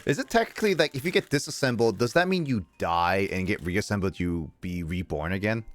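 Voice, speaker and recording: A man's voice: lowish voice, animated, brisk. A man streaming a game, joking and laughing with friends in casual chat. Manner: joking, giggly, reads game text aloud. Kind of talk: casual livestream chat while playing.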